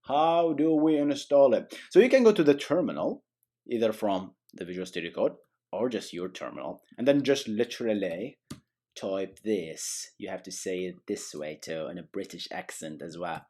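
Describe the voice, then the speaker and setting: A man's voice: low voice, a little fast. A young man hosting a casual programming tutorial, chatty and joking, with frequent okays and rights. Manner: chatty, animated, often adds okay and right, jokes. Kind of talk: casual screen-recorded coding tutorial.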